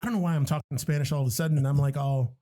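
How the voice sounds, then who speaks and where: A young man co-hosting a podcast, chatting casually in an animated, joking way and swearing freely. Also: fairly high pitch, rapid-fire. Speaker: podcast co-host. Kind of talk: casual chat.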